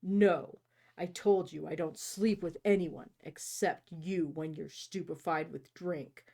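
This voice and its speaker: A woman reading aloud as a controlling wealthy young man, speaking low and deliberately. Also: fairly even intonation, vocal fry, mellow, heavily acted. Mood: coolly commanding.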